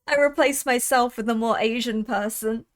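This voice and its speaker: Young woman streamer just chatting, laughs a lot, kinda high-ish voice. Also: normal speed. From Thai heritage. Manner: chatty, laughs often, trails off. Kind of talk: casual chat on a livestream.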